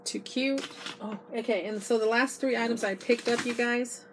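A middle-aged woman records a chatty haul video inside an RV, gushing over her finds and calling her viewers "you guys." She is losing her voice. The iPod recording carries clear background noise. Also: fairly high pitch, fairly even intonation, normal speed. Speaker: vlogger. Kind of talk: casual haul video chat. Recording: noisy home video.

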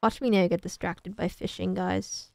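A woman's voice: lowish voice, fairly even intonation, normal speed, vocal fry, a little mellow, dry recording. A woman streaming a farming game, chatting casually and self-mockingly with her viewers. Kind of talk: casual gameplay commentary.

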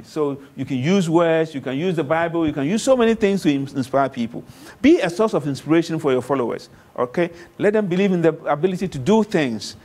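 A man's voice: a little high, darkish tone, poor audio. A man with a Ghanaian accent giving a university classroom lecture, often repeating points and checking understanding with "okay?" as he calls on students.

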